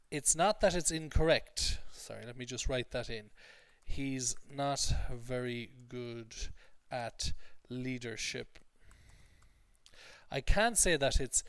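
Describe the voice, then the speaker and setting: Recorded dry, a man with a mid-range, slightly bright voice goes over an English lesson. He walks through usage methodically, repeating key points and frequently pausing to ask "okay?"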